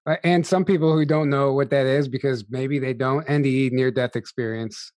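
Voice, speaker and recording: A man's voice: medium pitch, fairly even intonation, moderate pace, darkish tone, dry recording, studio quality. A man hosting an interview, chiming in with brief reactions and clarifications. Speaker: host. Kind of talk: conversational interview.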